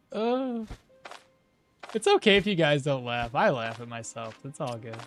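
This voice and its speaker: A gameplay streamer giving casual commentary, chatting with viewers, reading out chat and laughing at their own jokes. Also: mid-range voice.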